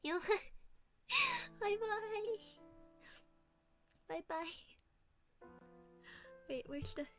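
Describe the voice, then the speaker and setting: A woman streamer in casual live-stream chat, hoarse, giggling and swearing often with playful mock menace. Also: extremely high pitch, wildly swooping pitch, extremely slow, long pauses, bright, forceful tone, soft background music.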